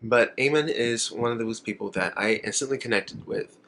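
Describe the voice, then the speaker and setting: A man's voice: mid-range voice, normal speed, a bit bright, a little hiss or hum. Chatty young man rambling to camera. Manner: chatty and rambling, emotional, laughs often. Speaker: makeup vlogger. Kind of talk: casual chat to camera.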